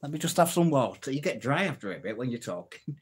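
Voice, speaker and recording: A man's voice: medium pitch, big pitch swings, quick pace, slightly rough. A man hosting a casual live stream, telling old jokes, reading out viewer comments and laughing at his own punchlines. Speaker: livestream host.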